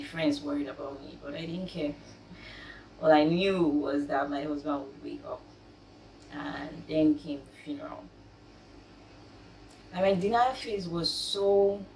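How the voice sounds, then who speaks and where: A young woman telling her own story of grief with faith, speaking softly and haltingly, with many pauses and fillers. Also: fairly low pitch. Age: young adult. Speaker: vlogger sharing her grief. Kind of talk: personal faith testimony. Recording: roomy, distant mic, faint noise.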